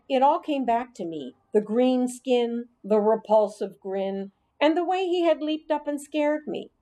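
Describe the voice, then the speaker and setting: Woman, storybook narrator, expressive, slow pace, mellow tone. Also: mid-range voice. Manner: expressive first-person reading. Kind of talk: storybook narration as a pet hamster.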